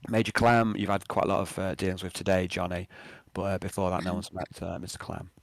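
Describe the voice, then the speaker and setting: A man narrating a tabletop role-playing game as game master, halting often with fillers and restarts. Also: low voice, level tone, gravelly, no room sound.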